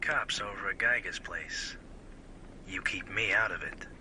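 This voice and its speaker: An actor playing a menacing gangster who runs a club, in a 1940s-style radio drama, talking curtly and making veiled threats. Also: male voice, sits low, measured pace, sharp tone, a little hiss or hum, full character voice. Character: smooth menacing male gangster, club owner.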